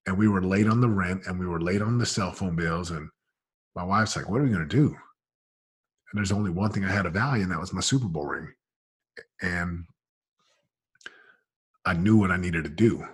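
A man's voice: deep voice, normal speed, pauses often, breathy edge. A man in his forties, a podcast guest telling his story candidly in an emphatic, casual, slangy way.

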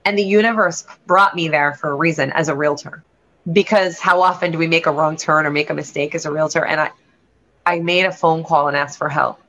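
A realtor appearing as a guest on a show, this woman tells a candid personal story earnestly and ramblingly, restarting often. Her low voice is steady, fairly quick, and fairly bright. The recording sounds lo-fi and dull.

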